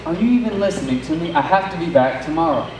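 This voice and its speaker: A teenage actor brings a fast-talking, sardonic young man full of big words. He sounds distant and roomy on a school stage, with a faint hiss behind. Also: on the high side, lively intonation, natural voice. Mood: insistent. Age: teens. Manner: wordy, sardonic, theatrical. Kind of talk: high school stage play.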